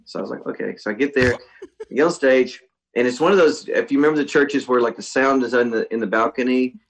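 A man's voice: medium pitch, fast talker, low-quality recording. A man telling a long story in casual chat, acting out the voices of the people in it. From Texas. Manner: animated storyteller, acts out voices of people in his stories. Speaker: guest musician.

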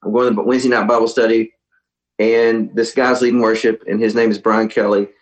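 A man, a musician guest, telling a lively story in a casual interview, often mimicking others. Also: fairly low pitch, a little fast, rough recording.

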